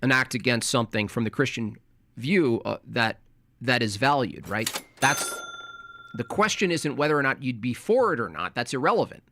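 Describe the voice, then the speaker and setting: An American man giving sarcastic, argumentative commentary on a debate clip, speaking in rapid bursts. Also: mid-range voice, animated, sharp tone, slight background noise. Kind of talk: casual commentary.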